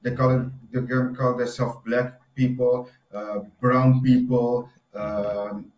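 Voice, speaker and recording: A man in a casual religious discussion, speaking earnestly and slowing down to read scripture verses. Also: medium pitch. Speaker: participant reading scripture. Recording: echoey room.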